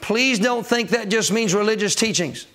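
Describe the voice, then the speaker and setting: A man's voice: high-pitched, moderate pace, bright, forceful tone. A man preaching a sermon as pastor of a church, calling out to the congregation for answers and acting out people's excuses. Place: church sanctuary.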